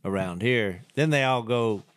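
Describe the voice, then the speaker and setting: A man in casual podcast chat who rambles through his story, stopping and restarting his sentences. His voice is fairly low and the sound is dry and close. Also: measured pace, no echo. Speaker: podcast co-host.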